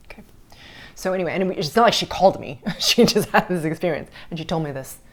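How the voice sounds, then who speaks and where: Low-voiced woman telling a spiritual story. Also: fast talker. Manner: earnest, drops to soft whispers at tender moments. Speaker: podcast host. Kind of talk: personal storytelling on a spiritual podcast.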